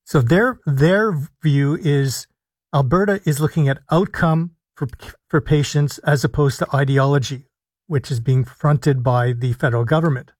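Male radio host and physician, slightly high voice, dry close studio sound, deliberate and explanatory. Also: darkish tone, husky, no echo. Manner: measured, explanatory, stresses key words with deliberate pauses. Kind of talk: live call-in radio commentary. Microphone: studio microphone.

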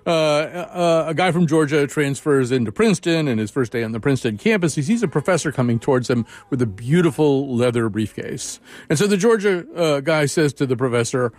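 A man hosting an interview chat, telling stories in a lively way with many filler words. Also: on the high side, a little fast, no echo. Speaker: host.

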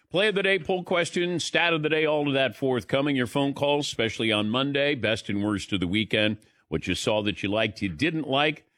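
A man hosting a sports talk radio show, running through the weekend's results in a brisk, wry rundown. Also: mid-range voice, fairly bright tone, no room sound.

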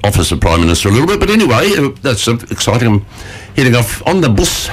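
A man's voice: mid-range voice, big pitch swings, quick pace, slight background noise. A man, hosting a casual radio chat, chatty and joking, laughing often. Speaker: radio host.

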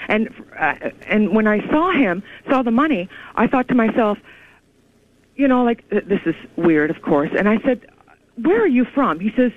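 A woman calling in to a radio show, telling her story in an excited, rushed way and piling words on. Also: medium pitch. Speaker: caller. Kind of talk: call-in storytelling. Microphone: telephone. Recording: tinny phone line.

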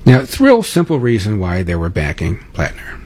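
A man's voice: fairly low pitch, wildly swooping pitch, brisk, a little mellow, breathy edge. A man hosting political talk radio, introducing numbered clips with a sarcastic edge. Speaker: radio talk show host.

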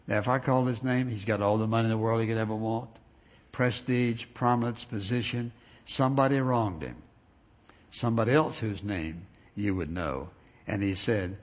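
A man's voice: fairly low pitch, moderate pace, muffled recording. A man preaching a sermon, building his points through emphatic lists and repeated rhetorical questions. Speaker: pastor.

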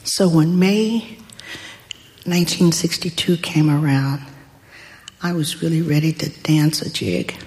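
An older woman telling a personal story in a deliberate, wry way. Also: sits low, a little mellow. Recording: long hall reverb.

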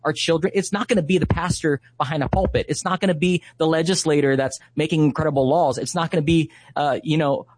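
Fairly high-pitched and fairly even in intonation, this thirty-something ministry leader tells a heartfelt story conversationally. He often fills pauses with "uh" and "you know."

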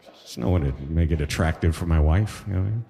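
Man, deep voice, stand-up comedy set, chatty, punchy asides. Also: quick pace, creaky, warm tone, big-room sound. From Caribbean.

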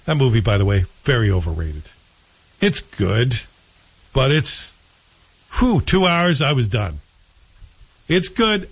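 A man co-hosting a show and chatting in an opinionated, animated way about TV series. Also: fairly low pitch, slightly rough. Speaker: show co-host reviewing TV. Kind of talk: casual chat. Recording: dull lo-fi sound.

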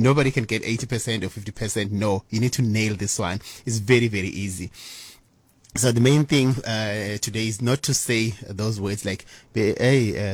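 An exuberant, teasing man hosting a radio show, his voice sitting on the low side. He breaks into sudden high exclamations. The sound is dry and close, like a studio microphone. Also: breathy edge, no echo. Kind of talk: playful radio presenting with a language lesson.

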